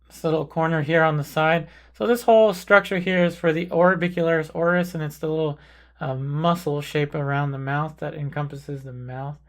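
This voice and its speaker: A man calmly talking through a portrait painting tutorial, thinking aloud as he paints. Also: a little high. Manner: calm, unhurried, thinking aloud while painting. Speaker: painting instructor. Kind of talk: relaxed painting tutorial narration.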